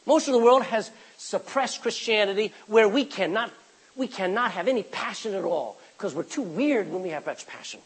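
A middle-aged man preaching a sermon as pastor, swinging from quiet asides to sudden loud cries. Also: sits high, lively intonation, normal speed, breathy edge, poor audio.

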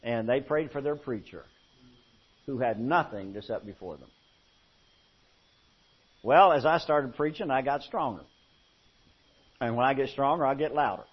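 A male pastor telling a folksy story in a sermon, swinging from hushed to loud. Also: medium pitch, measured pace, pauses often, slightly rough. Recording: muffled lo-fi sermon recording.

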